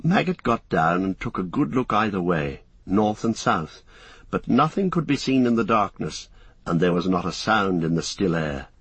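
Male narrator, low and slightly husky, measured audiobook storytelling, dry booth sound. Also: very animated, fairly bright tone, no room sound.

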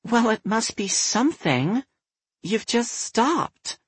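A man putting on a whiny, high young woman. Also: very animated, slow, breathy edge, heavily acted. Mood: sulky. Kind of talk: audiobook character voice.

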